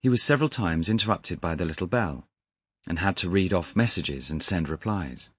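A man narrating a classic story as an audiobook in a measured, deliberate manner. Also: sits low, lively intonation, a bit bright, breathy edge, no room sound.

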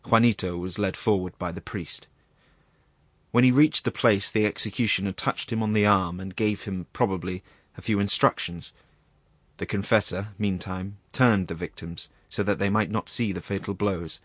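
Grave low-voiced male narrator. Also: fairly even intonation, a bit bright, dry recording. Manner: measured, grave. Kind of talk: scripted narration of a classic story.

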